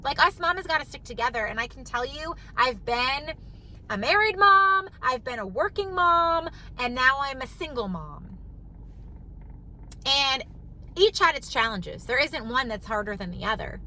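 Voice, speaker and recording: Bright high-voiced chatty woman in car. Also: expressive, moderate pace, poor audio. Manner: chatty, emphatic, repeats key phrases. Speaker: vlogger, mom and business owner. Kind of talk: casual talk to camera. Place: parked car.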